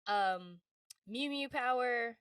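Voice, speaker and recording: Animated woman telling stories, slightly distant. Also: fairly high pitch, slow, smooth, dry recording. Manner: animated, acts out quoted voices, laughs often. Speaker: voice actress guest. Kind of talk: casual interview storytelling.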